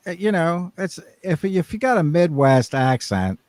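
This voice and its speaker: A man's voice: on the high side, expressive, unhurried, a little mellow, no echo. A man co-hosting a podcast, talking casually in long, rambling turns full of restarts. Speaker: podcast co-host. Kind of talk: casual chat.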